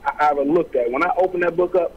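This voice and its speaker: A man's voice: a little high, quick pace, husky, muffled recording. A middle-aged man, a guest author, telling his story in an interview with streetwise slang, acting out quoted voices.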